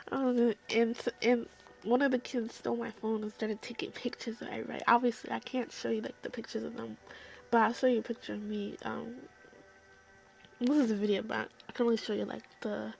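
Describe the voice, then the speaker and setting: A young woman telling a long, emotional story in a casual vlog, rambling and often sinking into soft whispers. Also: on the high side, vocal fry. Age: young adult. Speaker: vlogger.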